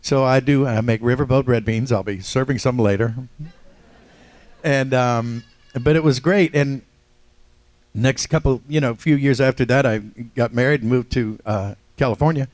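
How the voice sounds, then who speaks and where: A man's voice: medium pitch, moderate pace, darkish tone, no echo. An older man from Ohio, a voice actor telling stories as a convention panel guest, joking and self-deprecating and often laughing. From Ohio, USA. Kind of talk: casual storytelling.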